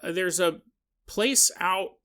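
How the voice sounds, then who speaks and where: A man plays a worried village mayor with a bright, fairly high voice. He asks for help politely and hesitantly. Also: takes it slowly, full character voice. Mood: asking.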